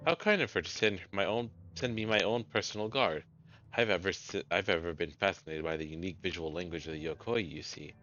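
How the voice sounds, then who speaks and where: A man voicing a calm, polite male jewelry artisan who speaks in a courteous, measured way. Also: deep voice, muffled recording. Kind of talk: voicing game dialogue.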